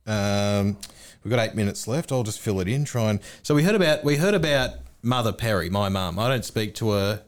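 A man's voice: on the low side, lively intonation, fairly quick. A man, co-hosting a podcast and telling a rambling, laughing, sweary anecdote. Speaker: podcast co-host. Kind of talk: casual chat.

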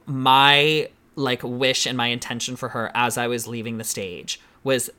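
Bright-voiced campy male podcast host. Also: mid-range voice, unhurried, clear, resonant tone. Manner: animated, campy, acts out quotes. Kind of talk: casual chat.

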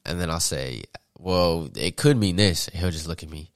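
A young man from Atlanta, a podcast guest, telling stories in a casual, slangy, animated way and laughing often. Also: low voice, moderate pace, no room sound, clean studio sound. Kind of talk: casual storytelling.

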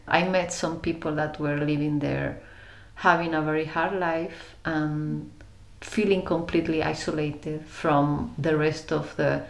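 Woman from Spain, lively storyteller. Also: lowish voice, roomy sound. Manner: animated, laughing, acts out scenes. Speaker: interview guest. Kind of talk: reflective storytelling.

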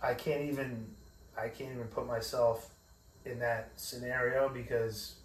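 A man's voice: medium pitch, level tone, unhurried, slight background noise. A man in his forties, a podcast co-host, chatting casually and profanely, rambling through emotional stories. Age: 40s. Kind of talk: casual chat. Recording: echoey room, mic at a distance.

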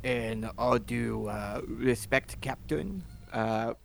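A man with a gravelly, creaky voice speaks slowly and haltingly as a tabletop game player. His words come with many uhs, and faint hiss sits behind him. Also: medium pitch.

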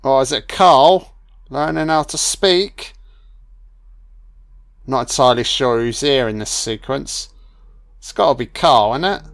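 A man's voice: mid-range voice, unhurried, creaky, long pauses, no room sound. Sarcastic man swearing through a film. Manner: sarcastic, heavy swearing, irreverent. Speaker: film commentator. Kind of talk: casual profane movie commentary.

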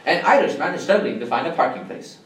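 A man with a high, very lively voice reads out a countdown of jokes, leaping upward whenever he quotes someone. He sounds distant from the mic, with a roomy echo around him. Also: quick pace. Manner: lively, jumps up in pitch for quoted lines. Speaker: joke reader.

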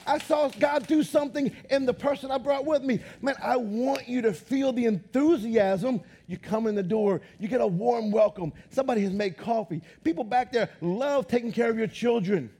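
A man preaching a lively sermon as pastor in a church, talking loud, excited and animated. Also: extremely high pitch, moderate pace, few pauses, breathy edge. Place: church auditorium.

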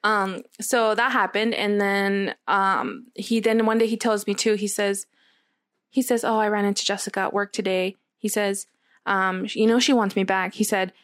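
A young woman casually telling a long personal story, acting out what was said with lively quoting. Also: mid-range voice, normal speed, no echo, studio quality. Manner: animated storytelling, acts out quotes. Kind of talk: casual chat.

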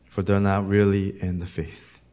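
A very low-pitched man preaching a sermon as a pastor. He talks plainly and conversationally, slipping into casual storytelling asides between points of scripture. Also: little pitch movement, measured pace, mellow.

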